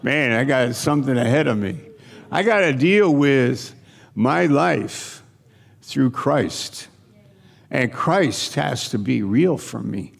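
Slow, gravelly male preacher. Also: mid-range voice, animated, big-room sound. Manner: earnest, conversational, repeating phrases. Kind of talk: sermon.

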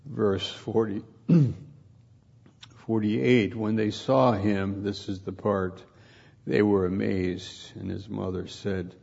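Slow, gravelly man giving an informal sermon. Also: on the low side, flat delivery, darkish tone, dull audio. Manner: halting, repeats and restarts words while reflecting.

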